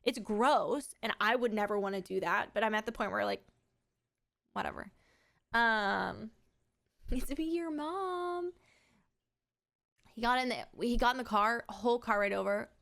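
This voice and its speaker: A woman's voice: medium pitch, fairly even intonation, moderate pace, gravelly, fairly bright tone. A woman live streamer in a casual, rambling chat who swears freely.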